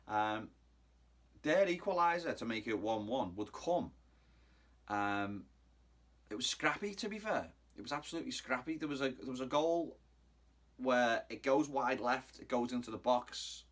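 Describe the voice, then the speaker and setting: A man's voice: medium pitch, a bit bright. A man in his thirties recapping a football match in a casual, cheeky style, mocking rivals and wandering off topic. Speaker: football fan vlogger.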